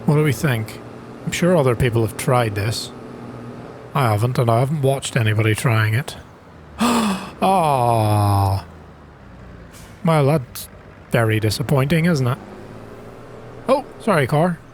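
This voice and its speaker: Here a man with a medium-pitched voice speaks at a moderate pace, leaving long pauses, with slight noise in the background. He hosts his own gaming channel, offering easygoing, self-mocking chatter as he plays and gasping whenever something new appears.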